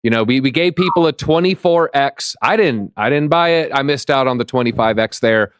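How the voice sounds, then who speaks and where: A man hosting a live crypto talk show, upbeat and reading out chat shout-outs. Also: medium pitch, brisk, smooth, no room sound. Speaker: show host.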